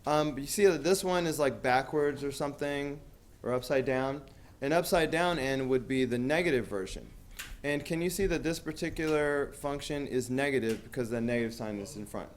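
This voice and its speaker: A man's voice: medium pitch, normal speed, slight background noise. A man teaching a math class, talking casually with lots of fillers and asking students questions. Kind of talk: classroom lecture.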